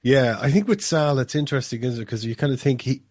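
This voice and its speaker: A man's voice: medium pitch, quick pace, a little mellow, dry recording, studio quality. A man co-hosting a podcast, chatting bluntly and swearing freely. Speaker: podcast co-host. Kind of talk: casual podcast chat.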